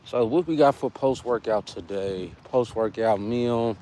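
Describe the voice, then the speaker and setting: A man's voice: medium pitch, unhurried, warm tone. A man from California, hosting a casual fitness livestream and chatting loosely with his viewers. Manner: laid-back, chatty, greets viewers by name.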